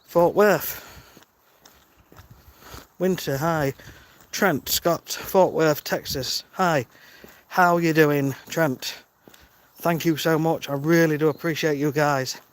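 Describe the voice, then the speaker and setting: A man's voice: on the high side, fairly even intonation, slow pace, smooth. A man in his thirties chatting casually on a live stream while walking outdoors, greeting viewers by name. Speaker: vlogger on a live-streamed walk. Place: outdoors on a village road at dawn, walking. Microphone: phone held while walking.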